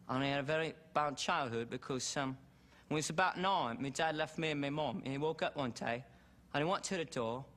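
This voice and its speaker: A man's voice: fairly high pitch, sharp tone. A man putting on an English accent as a crude, rambling working-class rocker. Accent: put-on English. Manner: rambling, coarse storytelling.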